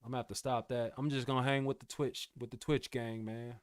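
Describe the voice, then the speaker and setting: A man's voice: medium pitch, level tone, fairly quick, smooth, dry recording, clean studio sound. Laid-back slangy young man streaming. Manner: laid-back slangy banter, often addressing chat as bro and y'all. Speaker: music producer streamer. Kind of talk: casual live-stream chat with viewers.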